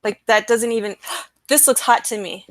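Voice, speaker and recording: A young adult woman hosting a casual live stream, talking in an excited, rambling way with lots of fillers. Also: fairly high pitch, normal speed, no echo. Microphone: computer mic, screen sharing.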